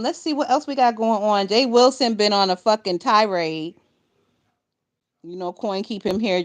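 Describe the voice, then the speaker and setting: A young woman giving casual gossip commentary to her viewers, blunt and profane, often laughing. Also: lowish voice. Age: young adult.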